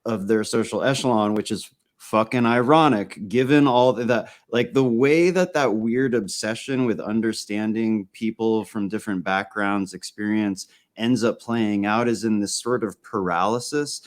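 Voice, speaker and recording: A man's voice: on the low side, normal speed, hardly any pauses. A man in a casual political discussion, building long, thoughtful arguments. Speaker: podcast guest.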